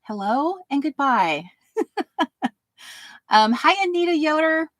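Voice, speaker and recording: A woman's voice: high voice, animated, slow pace, a bit bright, dry recording. A woman hosting a casual live stream, bubbly and giggly as she greets viewers one by one by name.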